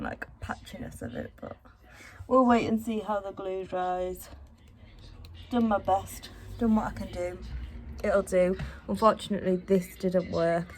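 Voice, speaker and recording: A British woman talks through her home projects in a loose, rambling vlog style, full of ums and likes. Her pitch sits in the middle of the range, and a faint hiss runs under the home recording. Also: darkish tone. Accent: British English. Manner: chatty, rambling, self-deprecating, lots of fillers. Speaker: vlogger. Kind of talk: casual home vlog chat. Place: at home indoors.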